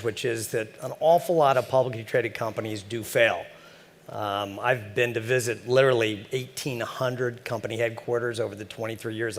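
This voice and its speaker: Chatty man speaking in an echoing hall. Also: mid-range voice. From San Francisco Bay Area. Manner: joking, chatty, many fillers. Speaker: conference speaker. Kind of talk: conference talk. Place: large conference hall. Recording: echoey conference hall over PA.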